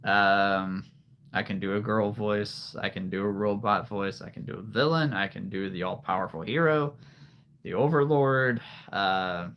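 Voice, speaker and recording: A man's voice: fairly low pitch, measured pace, a bit bright. A man from Nebraska, a livestream host chatting casually with viewers, laughing often. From Nebraska, USA. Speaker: livestream host showing a creature collection.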